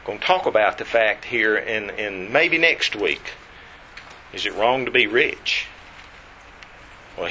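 A man preaching a sermon, reading scripture aloud and stressing key words deliberately. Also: mid-range voice, sharp tone, slight background noise, poor audio.

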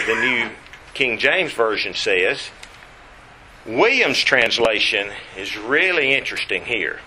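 Male preacher, animated intonation, slow deliberate emphasis, reads verses aloud. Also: medium pitch, slight background noise, low-quality recording. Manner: deliberate, stresses key words, reads verses aloud slowly. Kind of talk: sermon with scripture reading.

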